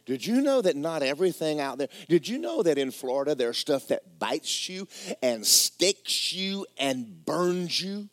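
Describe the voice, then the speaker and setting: A man preaching a folksy, conversational sermon. He tells stories and drops into quiet asides. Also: on the high side, big pitch swings, moderate pace, no room sound. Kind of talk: sermon with storytelling.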